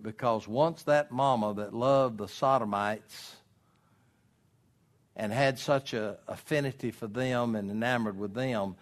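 A middle-aged man preaching a homespun sermon. He moves between quiet asides and loud, drawn-out emphatic lines. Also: mid-range voice. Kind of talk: folksy sermon.

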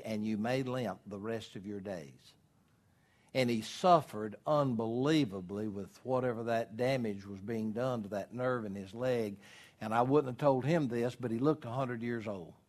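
A man preaching a sermon as pastor, animated and storytelling, acting out voices in his illustrations. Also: mid-range voice, normal speed.

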